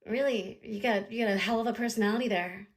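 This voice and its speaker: Woman, voice memo rant, condescending, slightly high voice. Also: fast. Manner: condescending, calls the listener "honey". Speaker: sender of a voice memo.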